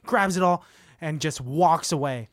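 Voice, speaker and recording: A man on a casual podcast, retelling a movie scene in a low, hushed voice. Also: a little slow, dry recording, studio quality.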